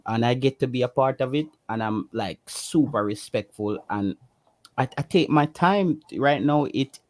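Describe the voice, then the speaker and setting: A man's voice: medium pitch, a little mellow, dry recording. A passionate Jamaican man co-hosting a casual livestream chat, emphatic and given to repeating himself. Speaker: co-host.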